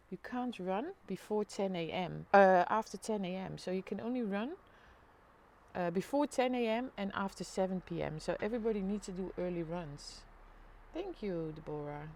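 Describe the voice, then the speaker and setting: A woman's voice: mid-range voice, moderate pace, a little hiss or hum. A middle-aged woman, chatting casually on a live stream, greeting viewers by name and reading out their comments. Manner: chatty, reads viewer comments aloud, bursts into excited squeals. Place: home by a window overlooking a city street.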